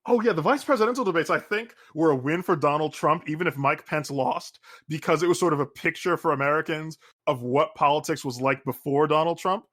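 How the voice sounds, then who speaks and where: A man's voice: a little high, fairly quick, few pauses, a bit bright. A man co-hosting a podcast, chatting casually about politics with dry humor and lots of filler words. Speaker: podcast co-host.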